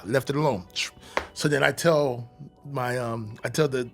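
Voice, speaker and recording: Gravelly animated man telling a story. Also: mid-range voice, a little slow, faint music behind. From Atlanta, USA. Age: 50s. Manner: animated, laughing, swears freely. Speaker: podcast guest. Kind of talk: casual storytelling.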